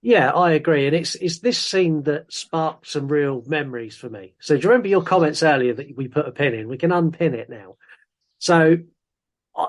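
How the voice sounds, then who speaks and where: Male co-host, bit higher voice, relaxed joking plot recap. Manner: chatty, laughs often, recaps the plot with dry jokes. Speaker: podcast co-host. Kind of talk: casual film review chat.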